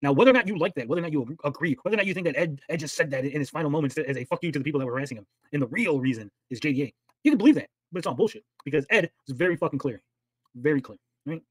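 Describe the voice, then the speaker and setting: A man's voice: on the high side, lively intonation, racing, slightly rough, no room sound. A man hosting a livestream, arguing heatedly and swearing as he reacts to clips. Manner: heated, argumentative, swears a lot. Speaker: livestream commentary host. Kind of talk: casual profane stream commentary.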